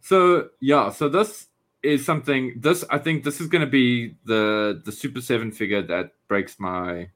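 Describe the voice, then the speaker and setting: Man, podcast co-host, casual chat, enthusiastic, rambling, mid-pitched voice. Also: a little slow, a bit bright.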